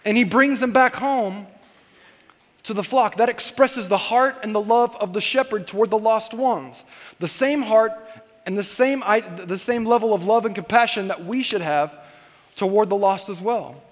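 A man with a high-pitched voice preaches a sermon. He speaks conversationally but with emphasis, often repeating his key points. His voice carries a long reverb, like a large hall. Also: moderate pace. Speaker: pastor.

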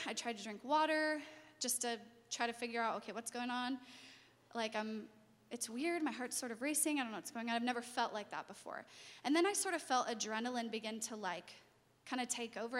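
A young woman with a fairly high voice shares her own story as a testimony. She tells it with animation, acting out what she and others said. Her voice carries the long reverb of a large hall. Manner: animated storytelling, acts out quoted voices, laughs. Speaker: speaker sharing a testimony. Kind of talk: personal testimony talk.

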